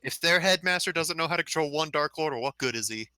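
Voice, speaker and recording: Bright-voiced dry-witted man from Georgia. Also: fairly high pitch, animated, quick pace, clear, resonant tone. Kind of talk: casual comedic commentary.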